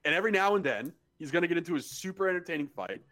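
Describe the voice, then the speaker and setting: A man's voice: fairly high pitch, animated, racing, sharp tone. Blunt, swearing man talking hockey. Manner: blunt, swears freely, analytical. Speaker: podcast co-host. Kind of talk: casual sports talk.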